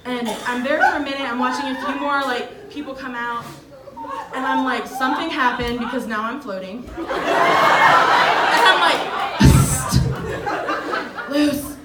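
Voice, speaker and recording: A woman stand-up comic with a high voice that never manages to whisper. She tells her story in an animated, self-mocking way and acts out everyone in it. The sound is roomy and a little distant, with loud crowd laughter behind her. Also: unhurried, long pauses, very noisy. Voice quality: voice that cannot whisper. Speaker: stand-up comedian. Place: comedy club stage with a laughing audience.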